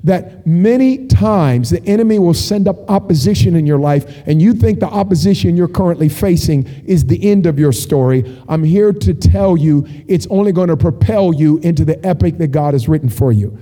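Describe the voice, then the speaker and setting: A man preaches with a high, very mellow voice, spinning stories with jokey asides. His words ring out with a long hall reverb behind them. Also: moderate pace, hardly any pauses. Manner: animated storytelling, jokey asides. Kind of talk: sermon.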